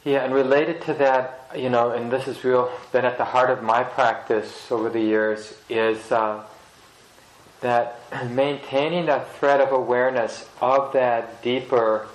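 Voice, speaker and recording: A man teaching meditation to a group, speaking slowly and reflectively, pausing to search for words. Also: medium pitch. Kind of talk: reflective dharma talk to a group. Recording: roomy echo of a meeting hall.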